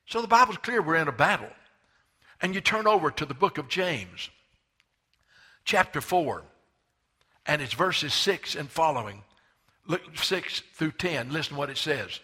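Forceful older preacher, man in his seventies. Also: on the high side, very animated. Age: 70s. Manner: emphatic preaching, slows and stresses scripture readings. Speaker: pastor. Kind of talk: sermon.

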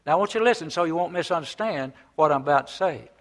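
A man preaching a sermon, swinging between loud emphatic phrases and soft, low endings. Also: expressive, fast talker.

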